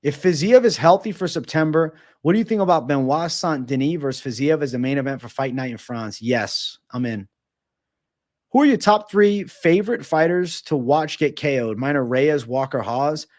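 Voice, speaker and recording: A man's voice: lively intonation, moderate pace. Casual profane male livestream host. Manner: reads chat aloud and answers in a loose, profane, joking way; trails off low and quiet at the ends of answers. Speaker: livestream host answering viewer questions.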